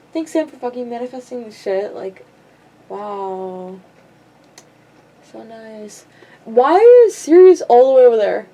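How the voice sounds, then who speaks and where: A teenage girl talks straight into her camera in a loose, rambling vlog rant. Her voice sits a little high for a woman. She sounds frustrated and self-deprecating, swears freely and keeps saying "like". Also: dark tone. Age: teens. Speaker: vlogger.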